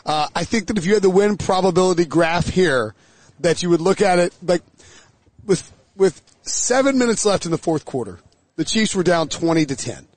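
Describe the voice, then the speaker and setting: High-voiced joking man hosting a sports podcast. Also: dry recording. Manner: energetic, joking, quick asides. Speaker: podcast host. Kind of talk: casual sports podcast chat. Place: outdoors near a stadium set.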